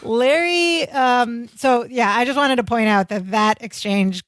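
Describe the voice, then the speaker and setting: Lively woman co-hosting a podcast. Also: a little high, a little slow, no room sound. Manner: animated storytelling, acts out the characters' lines; laughs often while talking. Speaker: podcast co-host. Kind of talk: casual chat recapping a sitcom episode.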